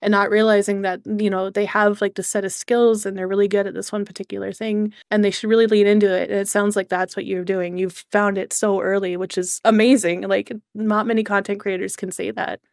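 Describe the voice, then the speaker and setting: An eager woman VTuber host asks questions in a casual, encouraging interview. Her voice slides into a gravelly fry, and the sound is dry and close to the mic. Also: medium pitch, flat delivery, a little fast, hardly any pauses, darkish tone, no room sound.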